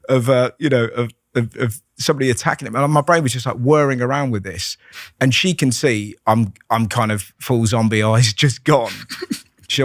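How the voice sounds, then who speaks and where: A man, a comedian guest chatting on a podcast, telling animated stories, acting out voices and swearing freely. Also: mid-range voice, fairly quick, no room sound, studio quality. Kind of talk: casual podcast conversation.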